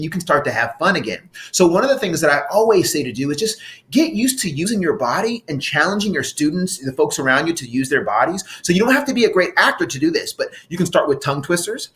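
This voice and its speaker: A middle-aged man giving an animated conference talk, leading his listeners in vocal exercises. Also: on the high side. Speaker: conference speaker and facilitator. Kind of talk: conference talk with audience participation.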